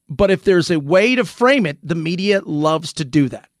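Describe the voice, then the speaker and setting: A man hosting a commentary show, talking through the news in an animated, rhetorical way, often restarting his sentences. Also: on the high side, moderate pace, dry recording, studio quality.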